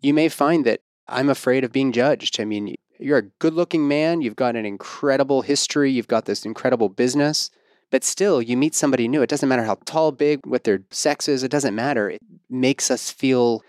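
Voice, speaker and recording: A man in his thirties hosting a podcast interview, talking in a self-assured, animated way and pushing his pitch up for emphasis. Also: a little fast, dry recording, clean studio sound. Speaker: podcast host and fertility coach. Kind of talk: casual interview chat.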